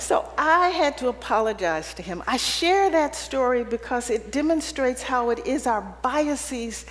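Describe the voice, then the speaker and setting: A woman's voice: sits high, lively intonation, measured pace, a little hiss or hum. A woman giving a keynote speech to an audience, telling personal stories with humor in a conversational way. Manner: humorous, conversational, often checking in with "right?". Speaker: keynote speaker. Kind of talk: public speech with personal storytelling. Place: event hall with an audience. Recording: long hall reverb.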